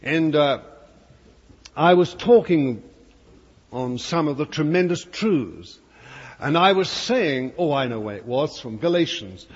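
Speaking slowly and pausing often, a man with a fairly high, slightly rough and expressive voice preaches fervently to a congregation in a church hall, adding emphatic asides to his listeners. Long hall reverb fills the dull, lo-fi recording.

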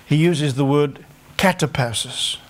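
Conversational preacher with a Staffordshire accent. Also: male voice, fairly high pitch. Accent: English, North Staffordshire. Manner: conversational, self-deprecating, with halting restarts. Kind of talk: sermon.

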